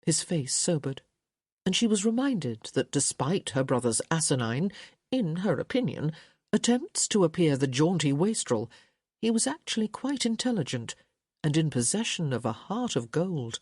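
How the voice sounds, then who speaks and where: A woman giving expressive scripted narration of a romance audiobook. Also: low-pitched, moderate pace, breathy edge, dry recording, studio quality. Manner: expressive storytelling.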